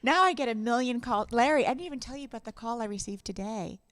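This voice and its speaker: A woman's voice: fairly high pitch, animated, fast, fairly bright tone, dry recording. A woman co-hosting a home-streamed music show, telling a story in casual chat and laughing often.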